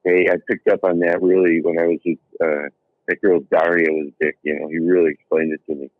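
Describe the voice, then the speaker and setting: A man's voice: sits low, little pitch movement, fast talker, dry recording. Older man on a tinny phone line. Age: 70s. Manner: rambling storyteller, tells jokes with voices. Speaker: tennis coach guest. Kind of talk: casual podcast chat.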